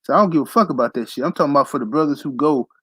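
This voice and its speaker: A man hosting a casual boxing livestream, ranting fast and animated with heavy profanity and slang. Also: fairly high pitch, breathy edge, no room sound, poor audio. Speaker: boxing talk show host.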